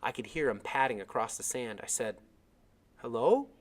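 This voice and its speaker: A man reading a chapter of a novel aloud as narrator, with expressive storytelling. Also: mid-range voice, a little fast.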